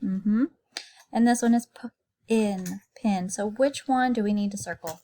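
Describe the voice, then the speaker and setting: A woman kindergarten teacher leads a recorded phonics lesson at an unhurried pace, drawing each word out slowly. Her voice sits at a middle pitch. She is patient and clear, and she breaks simple words into their sounds for small children. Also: dark tone.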